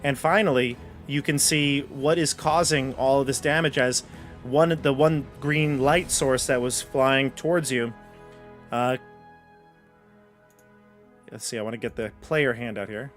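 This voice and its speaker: A man running a tabletop game as dungeon master, talking in a relaxed, rambling way with fillers. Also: medium pitch, a little slow, faint music behind.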